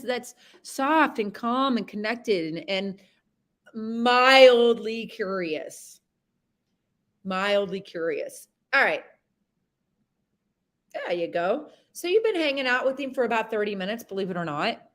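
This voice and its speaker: A woman horsemanship coach guides a student through a live session over a video call, rambling in a chatty, candid way with some mild swearing. Her voice is fairly high and sharp in tone.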